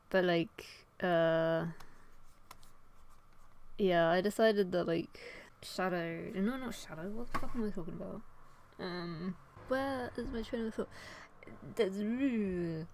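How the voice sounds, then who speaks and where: Young woman, casual drawing chat, rambling, swears a lot, slow pace. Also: lowish voice, a little mellow. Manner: rambling, swears often, laughs at herself. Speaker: artist and vlogger.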